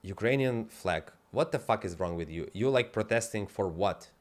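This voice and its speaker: A man's voice: fairly low pitch, lively intonation, normal speed. A man hosting a live stream, ranting off the cuff in an emphatic, profane way with non-native grammar. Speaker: livestream host. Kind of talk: heated off-the-cuff rant.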